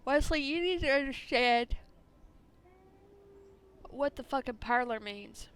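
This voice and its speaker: A woman's voice: high voice, animated, takes it slowly, pauses often, a bit bright, clear, resonant tone, soft background music. Sleepy, chatty woman playing a game. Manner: chatty, joking, swears. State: yawning, sleepy. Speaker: let's play host. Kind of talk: casual game commentary and reading.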